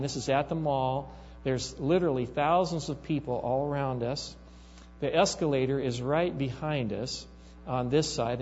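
A man's voice: medium pitch, a little mellow. A male pastor preaching a sermon, telling a story and building to emphatic rises. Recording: reverberant hall, dull sound, mains hum.

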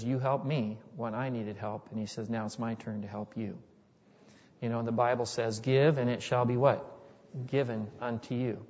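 A man preaching a sermon, retelling a war story in a slow, conversational way with frequent restarts and quoted dialogue. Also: mid-range voice. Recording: dull sound in a reverberant hall.

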